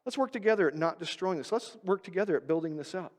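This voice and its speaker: A male pastor giving an emphatic sermon, pushing his stresses loud and then dropping to quiet, low asides. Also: expressive, fast talker, in a large hall. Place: church sanctuary.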